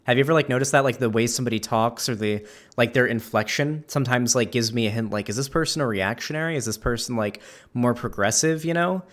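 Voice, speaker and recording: A man's voice: mid-range voice, fast talker, fairly bright tone. A man hosting a casual conversation, rambling with many fillers and restarts. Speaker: streamer and host.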